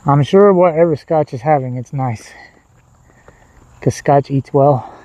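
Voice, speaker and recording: A streamer with a slightly high voice talks at a measured pace to his chat while walking through the countryside on a livestream. He's relaxed and rambling, and the recording is muffled with no echo.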